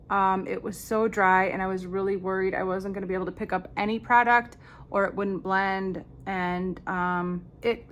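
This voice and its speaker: A woman's voice: mid-range voice, a bit bright, a little hiss or hum. A woman in her fifties chatting casually while doing her makeup, rambling through stories with dry, sarcastic asides. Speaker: makeup vlogger. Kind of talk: casual get-ready-with-me chat.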